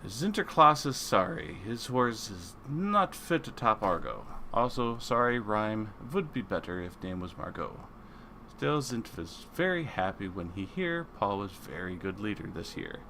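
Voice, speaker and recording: A man reading out an apology note as a cheerful male holiday gift-bringer who speaks in broken, halting English. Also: on the low side, very animated, bright, forceful tone, a little hiss or hum, heavily acted. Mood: apologetic.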